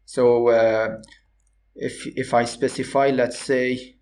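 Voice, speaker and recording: Hesitant man explaining software. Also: mid-range voice, little pitch movement, slow pace. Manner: hesitant, many fillers, explains step by step. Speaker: robotics instructor. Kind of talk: screen-recorded software tutorial.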